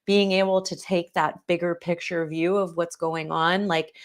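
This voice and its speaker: A woman and mother talking thoughtfully about conscious parenting in a relaxed conversation, laughing now and then as she recounts things. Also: on the low side, moderate pace. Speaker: parenting teacher. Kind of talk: conversational discussion.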